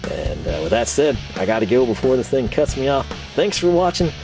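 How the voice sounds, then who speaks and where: A man's voice: mid-range voice, big pitch swings, a little fast, vocal fry, over music. A man filming a casual tool haul vlog in his home garage shop, rambling along with lots of fillers and restarts, his voice a little worn. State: tired, voice worn. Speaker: tool reviewer. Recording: distant camera mic.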